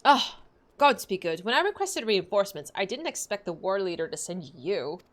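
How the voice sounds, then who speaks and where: A woman reading the quest lines of an impatient, sharp-tongued female warrior scout in a curt, scolding way, with a lively voice. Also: medium pitch, moderate pace, natural voice. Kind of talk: reading quest dialogue aloud.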